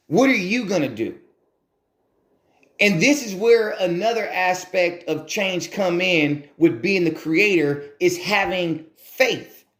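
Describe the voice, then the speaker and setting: Earnest motivational speaker, echoey room. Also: male voice, sits high, a bit bright. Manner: earnest, repeats phrases and restarts, rhetorical questions. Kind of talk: motivational talk.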